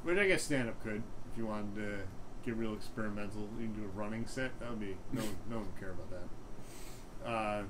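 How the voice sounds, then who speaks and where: A man's voice: lowish voice, fairly quick, noisy background. A young man in his twenties, a stand-up comic being interviewed, who talks in a rambling, self-deprecating way full of fillers. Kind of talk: casual interview chat.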